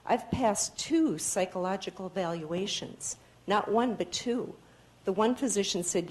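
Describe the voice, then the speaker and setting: A woman's voice: mid-range voice, measured pace, a little mellow, rough recording. A woman giving public testimony at a hearing, speaking earnestly and pleading, and she sounds tired. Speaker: public commenter.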